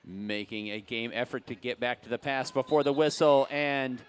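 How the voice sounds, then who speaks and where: A man's voice: medium pitch, moderate pace, slight background noise. A man announcing a roller derby bout live, chatty with asides and jokes, calling out to the crowd. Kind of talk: live sports commentary.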